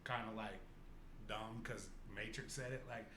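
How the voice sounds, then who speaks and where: A man's voice: lowish voice, fairly even intonation, measured pace, sharp tone, a little hiss or hum. A young man chatting on a podcast in a loose, rambling way, full of "like" and "you know". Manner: rambling, heavy use of "like". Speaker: podcast guest. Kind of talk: casual podcast chat.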